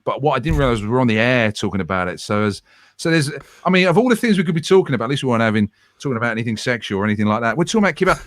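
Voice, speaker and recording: A radio presenter in his forties chatting as a guest, telling self-deprecating stories with quick, lively asides. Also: medium pitch, no echo, studio quality. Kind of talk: casual storytelling chat. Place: home room.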